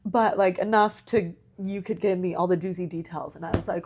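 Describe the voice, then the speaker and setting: A young woman co-hosting a podcast, relaxed and casual, with lots of fillers. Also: fairly low pitch, fast, few pauses, a little hiss or hum. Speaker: podcast co-host. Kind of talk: casual chat.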